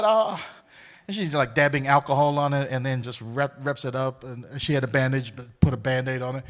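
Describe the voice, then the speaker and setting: Animated New man preaching. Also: mid-range voice, normal speed. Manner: animated, laughs often, repeats words. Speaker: pastor. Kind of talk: sermon with personal storytelling.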